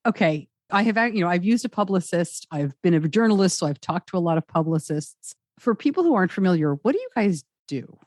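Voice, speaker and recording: A woman hosts a podcast, asking her guest questions and reading a sponsor message. Her lowish voice swings lively up and down. The sound is close and dry. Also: fairly quick, hardly any pauses, no room sound. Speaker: podcast host. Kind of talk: interview and read ad.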